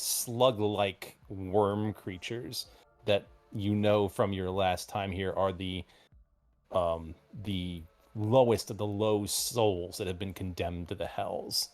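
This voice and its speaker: In a fairly low voice, this game master walks players through tabletop RPG scenes, stumbling and wandering as he goes, his narration packed with filler words.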